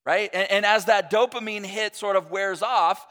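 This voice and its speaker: High-voiced man preaching in a reverberant hall. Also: steady tone, normal speed, bright, forceful tone. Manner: conversational, self-deprecating, jokey asides. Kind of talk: sermon. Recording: long reverb of a large hall.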